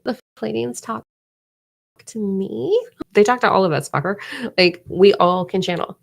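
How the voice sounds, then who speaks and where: A woman hosting a casual spiritual live stream, animated and swearing freely. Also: medium pitch, measured pace, gravelly. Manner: animated, swears freely, mock voices and whispers for effect.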